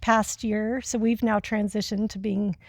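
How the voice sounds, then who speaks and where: Female missionary guest, measured and reflective, slight vocal fry, dry close sound. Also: mid-range voice, flat delivery, darkish tone, no echo. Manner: thoughtful, measured, with many pauses and ums. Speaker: missionary, member care staff. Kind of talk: interview answer.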